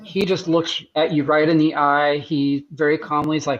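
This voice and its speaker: A man chatting as a guest in an interview, eager and rambling, restarting his sentences as he goes. His voice sits a little high. It comes through muffled, lo-fi video-call audio. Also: flat delivery, normal speed. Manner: enthusiastic, rambling with many restarts. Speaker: guest artist. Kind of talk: casual interview chat.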